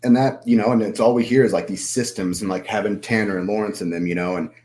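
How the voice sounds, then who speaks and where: Low-voiced man, rambling. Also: steady tone, quick pace, a little mellow. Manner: rambling, acts out his own inner voice. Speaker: podcast guest, trader. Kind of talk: casual podcast chat.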